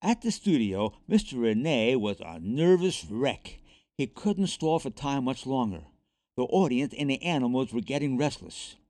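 A man narrating a children's storybook aloud in an expressive read-aloud manner. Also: mid-range voice, a little slow, no echo, studio quality. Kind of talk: storybook reading.

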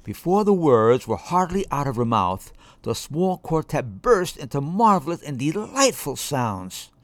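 A man reading a children's story aloud in an expressive way. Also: on the high side, unhurried, dry recording. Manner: expressive, shifting voices.

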